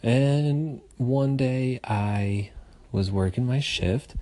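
A man in his forties from the Philadelphia area telling a personal story in a casual, animated way, swearing freely and using lots of fillers. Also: medium pitch, drawn-out words. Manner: animated and profane, with frequent fillers.

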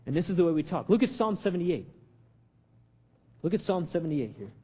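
A man preaching a sermon in a high, lively voice that climbs and drops across a wide range. He hammers home repeated rhetorical questions, swinging between loud emphasis and hushed asides. The recording sounds dull and lo-fi. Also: brisk, breathy edge. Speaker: pastor.

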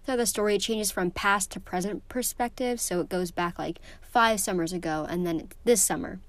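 A woman's voice: mid-range voice, moderate pace. A teenage girl talks casually to camera about books, gushing and emotional, her speech full of ums and likes. Her voice sits in a middling range, and the recording is dry and close with no room echo. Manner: gushing and emotional, many fillers. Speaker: book vlogger. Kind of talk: casual vlog chat.

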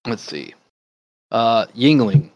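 A man's voice: medium pitch, very animated, slow pace, no echo, poor audio. A man in casual chat as a podcast co-host, rambling and laid-back, cursing freely as he reminisces.

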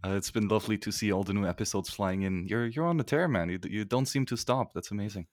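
A man's voice: fairly low pitch, fast talker, no room sound, clean studio sound. A man being interviewed on a podcast, talking in a friendly, thoughtful way with many fillers. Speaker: podcast guest. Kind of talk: casual interview talk.

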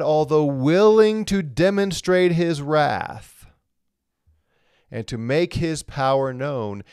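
A man's voice: mid-range voice, a little mellow, smooth, no echo. Conversational male Bible teacher, dry sound. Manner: conversational, reads comments aloud, chuckles. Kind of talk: live-streamed Bible lesson with chat.

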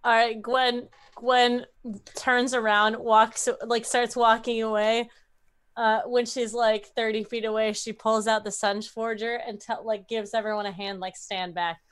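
Clear-voiced woman playing a tabletop game. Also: on the high side, level tone, a little slow, fairly bright tone. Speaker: player. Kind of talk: casual tabletop game play.

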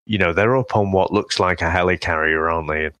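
A man's voice: low voice, brisk, a bit bright, no echo. A man co-hosting a film review chat, laughing often as he retells favourite scenes. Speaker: film review podcast co-host. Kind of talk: casual chat.

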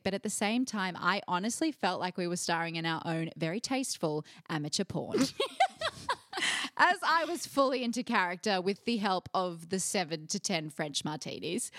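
A woman's voice: medium pitch, no room sound, studio quality. A young woman with an Australian accent, co-hosting a podcast and reading a listener's letter aloud with laughter. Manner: animated, laughing reader. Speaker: podcast co-host.

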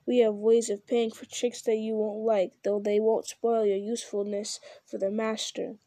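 A woman's voice: medium pitch, level tone, normal speed, mellow, no room sound, natural voice. A woman reading as Ugluk, a brutal orc captain. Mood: harsh, commanding. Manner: barking orders, threatening.

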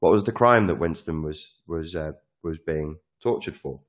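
A man with a very deep voice talks through a casual, animated monologue. He swears freely, jumps between asides, and slips into little performances of the lines he quotes. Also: moderate pace.

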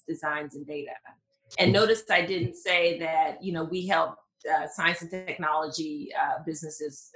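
Southern US woman, podcast guest, enthusiastic with lots of ums, slightly low and forceful tone. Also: echoey room, poor audio. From Mississippi, US. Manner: enthusiastic, many fillers and restarts. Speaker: patent attorney guest. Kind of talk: podcast interview.

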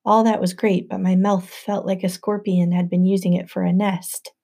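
Woman audiobook narrator, warm mellow tone, even first-person storytelling. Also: fairly low pitch, moderate pace, vocal fry.

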